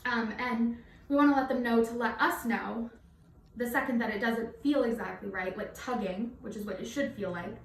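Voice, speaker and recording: Speaking through a face mask and slightly breathless, the night nurse runs a nursing simulation in a loose, filler-heavy style. Her voice is fairly high and her speed normal. The distant mic picks up roomy echo and a little hiss or hum.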